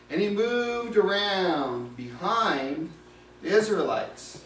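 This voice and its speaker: A man's voice: sits high, fairly bright tone. A man giving a vivid, conversational retelling of a Bible story as a lay preacher. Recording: roomy, distant mic.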